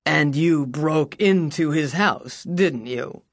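Flamboyant male defense lawyer, put on by a woman narrator; slow, silky, mocking drawl, dry close sound. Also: low voice, no echo, heavily acted. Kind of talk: audiobook character voice.

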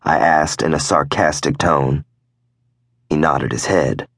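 Very deep, gruff male audiobook narrator. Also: slow pace, a bit bright, no echo, clean studio sound. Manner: gruff, growling delivery of profane dialogue. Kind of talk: first-person audiobook narration.

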